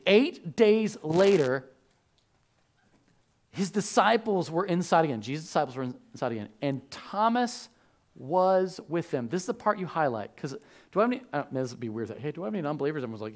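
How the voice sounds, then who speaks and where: A man preaching a sermon as a pastor, animated and joking, acting out the voices of biblical figures. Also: a little high, moderate pace.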